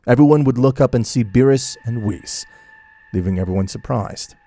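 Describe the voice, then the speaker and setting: Guy narrating a fan theory story, steady, mellow voice. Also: medium pitch, moderate pace. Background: faint music.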